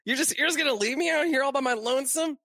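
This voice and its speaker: Deadpool, as a man puts him on, high and jokey. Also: quick pace, pushed and bright, no echo, heavily acted. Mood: joking. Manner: jokey, flirty, rambling. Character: wisecracking masked male antihero, cocky.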